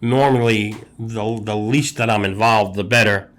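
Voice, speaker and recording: A middle-aged man, a hospital executive, talking earnestly and at a measured pace about balance on a podcast, building his points in short listed phrases. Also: on the low side, fairly even intonation, a bit bright. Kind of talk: reflective podcast talk.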